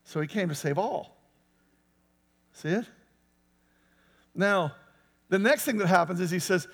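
A man with a high voice preaches a sermon in a loose, conversational way. He keeps putting questions to his listeners and waits for their answers. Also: animated, moderate pace, long pauses, a bit bright, in a large hall. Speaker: pastor.

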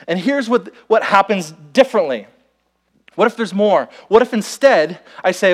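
A young man preaching with a high, bright voice that swoops up and down as he tells stories. He acts out little conversations, quoting himself and others in a playful, animated way. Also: normal speed. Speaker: pastor. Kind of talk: sermon with acted-out illustration.

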